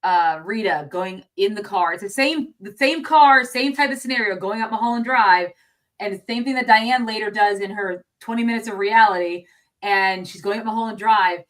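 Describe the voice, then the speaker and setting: A woman co-hosting a relaxed film talk show. She rambles and thinks out loud, restarting her sentences as she works through her ideas. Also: mid-range voice, normal speed. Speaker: co-host. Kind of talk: casual film discussion.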